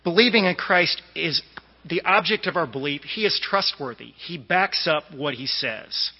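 High-voiced man preaching in a church. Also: lively intonation, moderate pace, slightly rough. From Boston area. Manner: conversational preaching with fillers and asides. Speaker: lay preacher. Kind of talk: sermon. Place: church sanctuary. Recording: dull echoey church recording.

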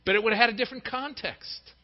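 In an extremely high-pitched voice and at a quick pace, a middle-aged male pastor preaches with energy, acting out the voices of the figures he quotes. The recording is muffled, with the reverb of a big hall.

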